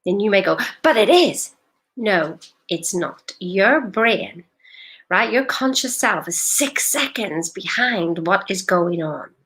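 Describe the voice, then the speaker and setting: A woman's voice: mid-range voice, lively intonation, slow pace, fairly bright tone. A woman, a life coach talking directly to a live-stream audience in an emphatic, questioning way.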